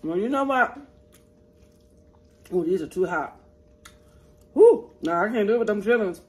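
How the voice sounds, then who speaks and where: A woman's voice: mid-range voice, expressive, normal speed. Chatty woman hosting an eating show. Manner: chatty, talks to viewers as y'all, eats between lines. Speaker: mukbang host. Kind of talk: casual eating-show chat.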